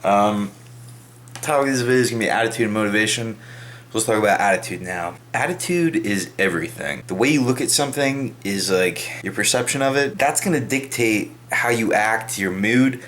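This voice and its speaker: A young fitness vlogger films casually at home in the kitchen and bathroom, rambling with offhand, self-mocking asides. His lowish voice is fairly quick and a bit bright, and the home video has clear background noise.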